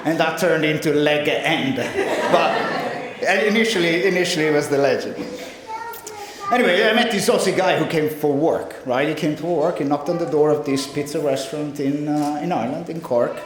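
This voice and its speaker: A man in his forties with an Italian accent, Italian by first language, giving a teasing, hesitant wedding speech as best man. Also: on the high side. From Italy. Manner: joking, teasing, hesitant with many fillers. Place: large wedding reception room. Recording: very echoey hall with crowd. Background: guests laughing and murmuring.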